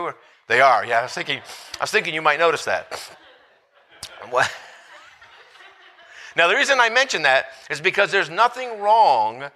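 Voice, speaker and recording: A man preaching a sermon, telling a story in a conversational way with many restarts and quiet asides. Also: on the high side.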